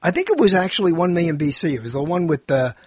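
A man's voice: on the high side, animated, fast talker, slightly rough, dry recording. A man hosting a casual chat, joking, repeating words and jumping in with questions.

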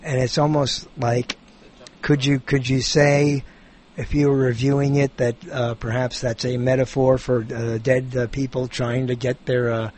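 A man's voice: medium pitch, level tone, measured pace, a little mellow. A man in casual conversation who stops often to search for the right words. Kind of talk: casual chat.

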